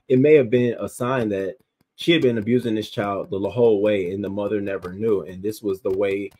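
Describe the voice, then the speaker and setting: A man's voice: on the low side, darkish tone, a little hiss or hum, low-quality recording. A man hosting a livestream, reacting to a news story in an emotional, profane way and reading viewer comments aloud.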